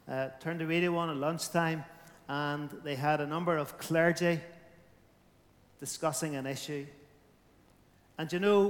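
High-voiced preacher in a hall. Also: male voice. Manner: emphatic, rising and falling in volume. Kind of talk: sermon.

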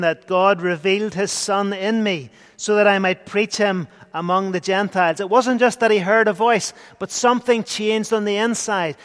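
A man preaches with a notably high voice, earnest and rising into emphatic bursts. His words ring out with a long church reverb trailing behind. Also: fairly bright tone. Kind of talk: sermon.

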